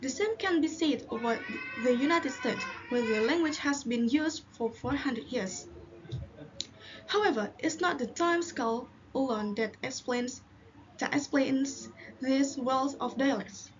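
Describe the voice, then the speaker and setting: High-voiced woman presenter from Indonesia. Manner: reading, with halting restarts. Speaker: linguist presenter. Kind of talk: classroom presentation. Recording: slightly muffled, faint hiss.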